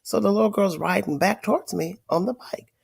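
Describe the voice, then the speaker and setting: A middle-aged grandmother livestreaming to her viewers, telling a story in an animated, emphatic way with lots of swearing. She is sick with a cold, wheezing and tired. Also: medium pitch, brisk, gravelly, breathy edge, no room sound. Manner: profane, emphatic, addresses viewers directly. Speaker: livestream host.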